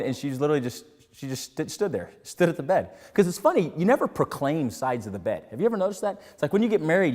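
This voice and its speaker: A man's voice: medium pitch, darkish tone, long reverb tail. A man hosting a motivational talk, telling casual, self-mocking stories about his daily routine. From Texas. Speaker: host.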